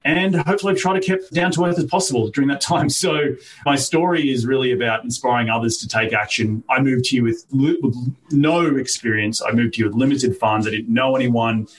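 A man's voice: mid-range voice, fairly even intonation, a little fast. An upbeat Australian man in his thirties, a guest in a podcast interview, telling his story in a talkative way and laughing easily. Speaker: guest entrepreneur. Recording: voice a little distant from the mic.

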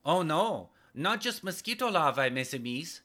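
A man's voice: a little high, very animated, moderate pace, pushed and bright, voice pushed up. A man voicing a young French woman scientist with a French accent, matter-of-fact.

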